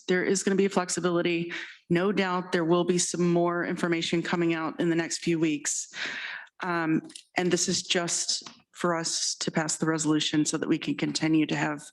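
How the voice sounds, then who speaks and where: Brisk council chair, woman, slightly low voice, keeps things on track. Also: low-quality recording. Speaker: legislature chair. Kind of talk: chairing a public meeting. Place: council chamber.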